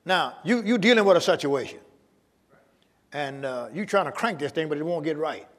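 A man's voice: a little high, expressive, normal speed, fairly bright tone, big-room sound. A male pastor preaching a sermon with emphatic call-and-response to his congregation, in a church sanctuary.

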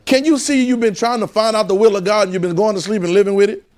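A man's voice: sits high, fairly even intonation, fast talker, darkish tone. A man with a Southern US accent preaching a sermon in a casual, coaxing call-and-response style.

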